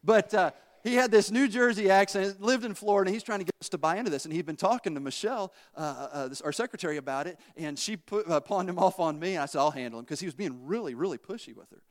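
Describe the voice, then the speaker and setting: A man preaching a sermon as pastor, telling stories in an animated way that rises to shouting at peaks. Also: sits high, quick pace, few pauses, in a large hall. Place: church sanctuary. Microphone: handheld or stage mic.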